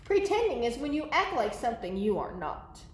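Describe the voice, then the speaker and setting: Lady reading as a chill little pig, calm and patient, roomy sound. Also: on the high side, brisk, a little hiss or hum. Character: cheerful confident young pig pretending to be a frog. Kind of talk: storybook read-aloud. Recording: echoey room.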